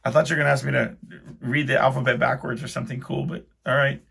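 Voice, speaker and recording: A man's voice: medium pitch, little pitch movement, fast, vocal fry, fairly bright tone, slightly rough. A man hosting his own podcast, telling a rambling, self-deprecating story in casual speech full of restarts. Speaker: podcast host.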